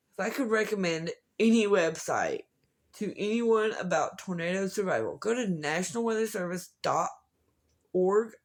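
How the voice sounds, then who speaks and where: A woman vlogging casually, chatting with her viewers and cooing to her dogs in baby talk. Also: mid-range voice. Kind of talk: casual vlog chat.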